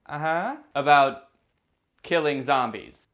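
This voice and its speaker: A man playing a panicked survivor in a comic sketch, shouting in an over-the-top way. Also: fairly high pitch, takes it slowly. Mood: frantic.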